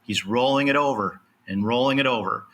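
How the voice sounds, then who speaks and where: A man's voice: mid-range voice, fairly quick, sharp tone. A man on a podcast as a land specialist guest, speaking emphatically and motivationally, acting out bits of dialogue as he explains. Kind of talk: podcast interview.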